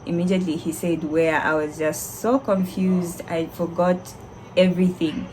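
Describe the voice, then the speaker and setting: A young woman recounts her story in a casual vlog, animated and candid, laughing often. Her voice sits on the lower side for a woman. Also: normal speed, a little hiss or hum, poor audio. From Zambia. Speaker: vlogger, young doctor.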